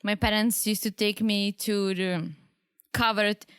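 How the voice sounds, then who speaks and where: A woman's voice: mid-range voice, fairly even intonation, a little slow, fairly bright tone, clear, resonant tone, dry recording, clean studio sound. A young woman, co-hosting a casual podcast chat, restarting her sentences and laughing often. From Czech Republic. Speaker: podcast co-host.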